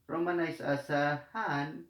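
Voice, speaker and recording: A man teaching the Korean alphabet, speaking haltingly with many pauses and repeated words. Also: a little high, steady tone, fairly bright tone. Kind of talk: hesitant spoken tutorial. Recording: echoey room.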